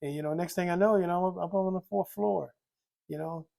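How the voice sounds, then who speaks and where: An older man telling the story of his recovery from alcohol in a rambling, candid way, repeating himself and filling pauses with "you know". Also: high voice, steady tone, vocal fry, dark tone. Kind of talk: candid personal testimony.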